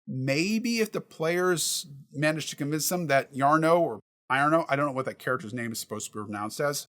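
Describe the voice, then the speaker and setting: Dungeon master, male, casual teaching tone, thinks out loud, slightly high voice. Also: moderate pace. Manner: thinks aloud, reasons through examples. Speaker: dungeon master giving prep advice. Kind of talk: casual instructional talk.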